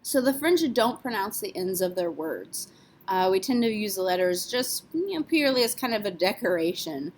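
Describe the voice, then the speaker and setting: A woman's voice: medium pitch, very animated, slight background noise. Patient woman teaching French letters. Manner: patient, spells letters out slowly. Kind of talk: classroom lesson explanation.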